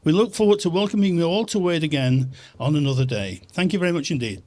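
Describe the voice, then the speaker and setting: A man with a fairly high voice delivers a formal speech into a microphone. He speaks in a steady, measured way, as a chairman addressing his guests. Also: slight background noise. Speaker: chairman of trustees.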